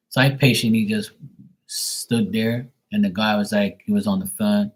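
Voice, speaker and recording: A man's voice: fairly low pitch, level tone, normal speed, low-quality recording. A man hosting a live stream, rambling through a casual story in streetwise slang with lots of swearing and acted-out conversations. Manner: acts out both sides of conversations. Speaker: live stream host giving readings.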